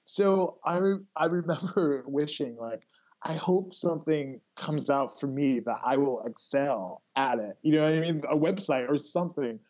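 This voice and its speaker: A man's voice: fairly high pitch, moderate pace. A man telling stories in casual conversation as a guest, rambling with many fillers and restarts. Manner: rambling, filler-heavy, animated storytelling. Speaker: guest, artist.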